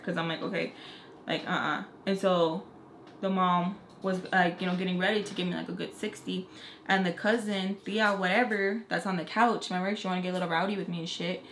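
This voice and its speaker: A woman, a makeup artist and beauty vlogger, telling a casual story time with lively delivery, casual slang and the odd curse word. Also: fairly low pitch, slight background noise.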